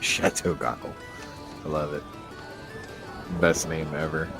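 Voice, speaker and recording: Deep-voiced laid-back man, music behind. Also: level tone, slow, vocal fry. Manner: laid-back, swears casually, brief interjections. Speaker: podcast co-host. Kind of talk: casual chat.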